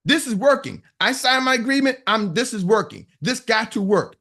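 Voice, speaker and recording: A man with a high voice speaks as a business coach to a live audience online. His pitch leaps around animatedly as he preaches, and he drives each point home by repeating it. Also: lively intonation, normal speed, bright, forceful tone. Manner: emphatic, preachy, repeats punchlines.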